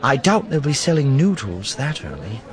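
A man's voice: medium pitch, very animated, normal speed, a crowd in the background, pitched above the performer's own voice, lightly acted. A man voicing a curious, teasing young woman companion.

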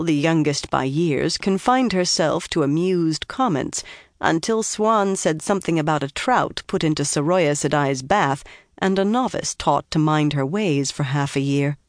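Measured fantasy audiobook narrator, dry sound. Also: medium pitch, no room sound.

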